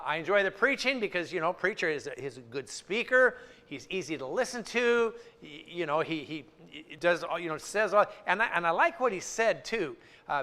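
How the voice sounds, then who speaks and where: A man's voice: on the high side, sharp tone. A man giving an informal church talk, conversational, often repeating words and restarting his sentences. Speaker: church speaker. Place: church sanctuary.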